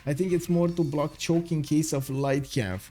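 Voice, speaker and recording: An esports caster gives rambling live commentary on a strategy game match, packing in fillers, reading viewers' chat aloud, and mentioning he's losing his voice. His voice is fairly high and warm, with fairly even intonation at normal speed.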